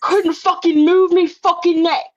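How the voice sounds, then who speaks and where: A woman's voice: very high voice, level tone, unhurried, dull audio, voice pushed up. A woman putting on an exasperated English man with a London accent, scolding a friend in profane slang. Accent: London English, put on. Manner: exasperated, pleading. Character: fed-up English male wrestler scolding a friend.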